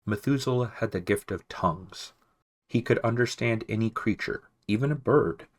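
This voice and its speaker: A man narrating a children's novel aloud in a calm, measured reading. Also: lowish voice. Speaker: audiobook reader. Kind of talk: storybook narration.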